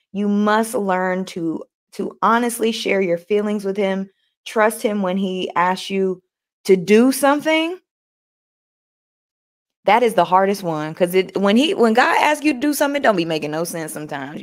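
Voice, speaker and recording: A woman hosting a casual motivational talk, chatting folksily with viewers, laughing often and reading aloud from a book between their comments. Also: mid-range voice. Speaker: host.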